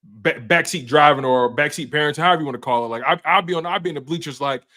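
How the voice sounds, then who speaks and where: A man with a slightly high voice co-hosts a sports talk show in a studio. He talks in an excitable, blunt way and swears freely. His delivery is casual banter. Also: fast talker.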